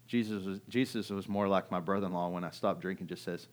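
Conversational middle-aged male preacher, low-voiced. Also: steady tone, a little fast, few pauses. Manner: conversational preaching, swinging from loud and urgent to hushed; keeps asking "right?" to the audience. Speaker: pastor. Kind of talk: sermon.

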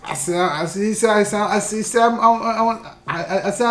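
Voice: mid-range voice, fairly quick, faint music behind. Co-host, casual storyteller, stammering restarts, roomy echo. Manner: animated, acts out quoted voices, stammering restarts. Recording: roomy echoey room.

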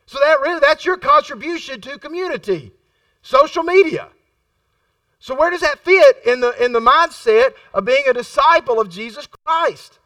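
A man's voice: extremely high pitch, animated, normal speed, bright, forceful tone, no echo, recorded from a distance. A middle-aged man preaching a sermon in a conversational style, repeating phrases for emphasis and acting out the voices in his stories. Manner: acts out quoted voices in his storytelling.

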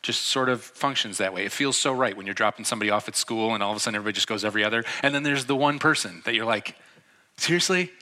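A man preaching a sermon to a church audience, telling a story in a relaxed, chatty way and acting out the people in it. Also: on the low side, rapid-fire, hardly any pauses. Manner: conversational storytelling with laughs and acted-out quotes. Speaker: pastor. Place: church before a live audience.

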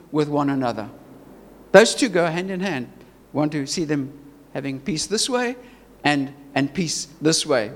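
South African man, pastor, sermon delivery, emphatic with restarts, higher voice, reverberant hall. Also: fairly bright tone. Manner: earnest, emphatic, stumbling restarts and repetition. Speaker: preacher.

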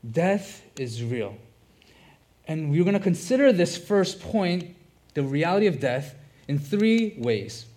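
An earnest man preaches a sermon to his congregation, his voice sitting a little high for a man. He stresses key phrases by repeating them. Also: expressive, measured pace, a little mellow. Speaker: pastor.

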